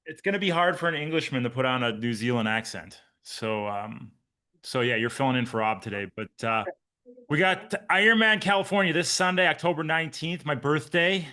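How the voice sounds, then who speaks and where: A man in his forties gives a live pre-race briefing as a triathlon coach. His voice is bright and forceful, and his pitch sits in the middle of the male range. He talks in an energetic, chatty way and jokes with the people listening, heard through a computer mic on a video call. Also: a little fast. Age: 40s.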